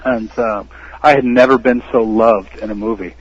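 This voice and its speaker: An American man, an actor, tells his stories as a podcast guest, lively and quick to laugh. His voice sits at an ordinary middle pitch. It comes through a dull, lo-fi line that takes the top off the sound. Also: slightly rough. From United States. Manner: animated storyteller who laughs often. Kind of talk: casual interview storytelling.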